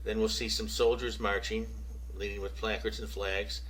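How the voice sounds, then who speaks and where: A man's voice: fairly low pitch, level tone, moderate pace, fairly bright tone, a little hiss or hum, low-quality recording. An American man giving casual, opinionated political commentary, addressing viewers directly with rhetorical questions. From United States.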